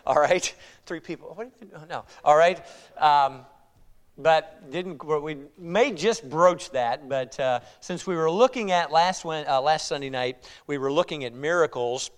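A man's voice: a little high, clear, resonant tone. Joking, conversational preacher, man. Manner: joking, conversational, big swings from hushed to loud. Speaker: pastor. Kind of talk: sermon.

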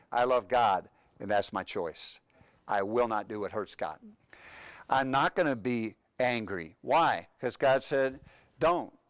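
A middle-aged man preaching a sermon with emphatic, call-and-response delivery, swinging between loud declarations and hushed lines. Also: medium pitch, clean tone, no echo. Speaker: pastor.

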